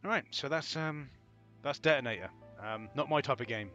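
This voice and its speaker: A man's voice: mid-range voice, moderate pace, pushed and bright, soft background music. A man giving gameplay commentary, ranting and swearing in frustration at a puzzle game. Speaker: gaming channel host.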